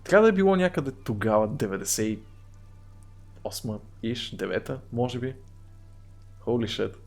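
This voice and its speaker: A man's voice: mid-range voice, animated, normal speed, faint music behind. A man streaming a game, reading its text aloud and chatting. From Bulgaria. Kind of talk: live-stream game narration and chat.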